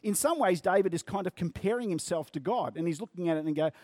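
Male preacher, fairly high voice, dry close sound, measured delivery that leans on key words. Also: expressive, darkish tone, no room sound. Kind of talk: sermon.

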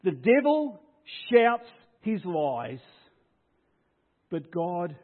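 Male pastor preaching, slow deliberate pace, husky voice, thin phone-like sound, loud then near-whispered. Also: high-pitched, sing-song. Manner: swings from loud declaring to hushed near-whisper. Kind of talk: sermon.

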